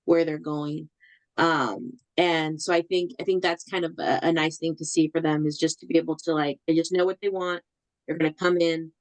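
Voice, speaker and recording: A woman's voice: sits low, no echo, poor audio. A woman bookseller answering on a video call, hesitant with many ums and restarts. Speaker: bookseller guest.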